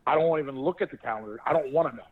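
Man, co-host, casual storytelling, animated, laughs often, mid-pitched voice, phone-line sound. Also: racing. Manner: animated, laughs while telling stories. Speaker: co-host of a sports talk show.

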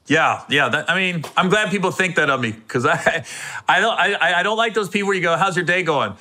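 High, animated male podcast host. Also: brisk. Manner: animated, laughing, acts out other voices. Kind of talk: casual chat, comic storytelling.

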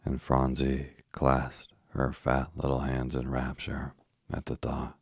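A man narrating a storybook in a low gravelly voice, measured and unhurried. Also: monotone, dry recording, studio quality. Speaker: audiobook narrator. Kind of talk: storybook reading.

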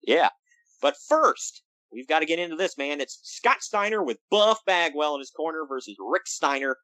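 A man talks fairly quickly over poor, echo-free audio. He's a co-host on a casual podcast recapping wrestling, animated and humorous, with large swings in emphasis.

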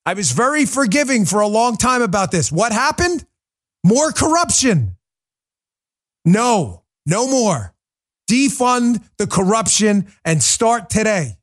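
A man hosts a political talk show with a high, fired-up voice. He talks emphatically and combatively, and he often lapses into mocking impressions of his opponents. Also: sing-song, slow. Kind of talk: fiery political commentary.

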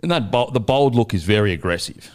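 A man's voice: lowish voice, animated, fairly quick. A man hosting a comedy podcast and announcing awards in a mock-grand way. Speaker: podcast host presenting awards.

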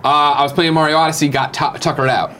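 Quick-talking male co-host, faint background noise. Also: fairly high pitch, steady tone, bright, forceful tone. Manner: rambling, profane anecdotes. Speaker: morning show co-host. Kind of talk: casual chat.

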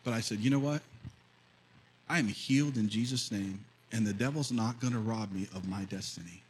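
A man in his fifties preaching a sermon as pastor, telling a story and then rising to loud, fervent preaching. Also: lowish voice, moderate pace, a little hiss or hum, poor audio. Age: 50s.

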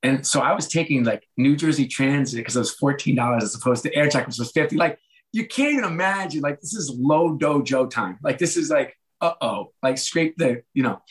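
A man from the New York area telling a story as a guest in an interview, animated and full of filler words. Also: medium pitch, fairly quick, low-quality recording. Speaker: podcast guest, former executive.

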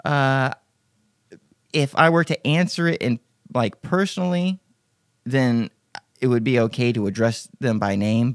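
A man's voice: medium pitch, no room sound, clean studio sound. A man hosting a casual live Q&A podcast, talking in a profane, rambling, joking way. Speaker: podcast host.

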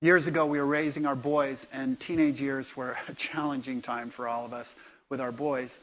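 A middle-aged man, a pastor, preaching a sermon and telling stories, swinging from hushed, quiet lines to loud, lively ones. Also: medium pitch, normal speed.

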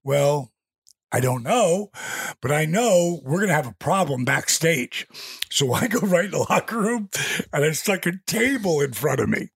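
A man in his sixties tells stories as a guest in a dry, close recording. His gravelly, slightly husky voice sits a bit high for a man and swings widely as he acts out quotes and sound effects. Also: lively intonation, normal speed, dry recording. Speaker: interview guest. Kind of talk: casual storytelling in an interview.

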